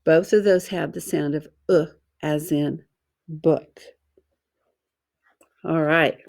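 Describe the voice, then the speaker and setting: Slow, careful woman teaching phonics. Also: lowish voice, a little mellow. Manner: slow, careful, sounding out letters and syllables. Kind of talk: phonics lesson for children.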